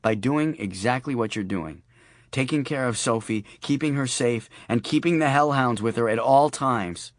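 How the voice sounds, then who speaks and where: A man's voice: medium pitch, normal speed, no echo, natural voice. A male narrator voicing a worried young father with wry, earnest humor, recorded dry and close.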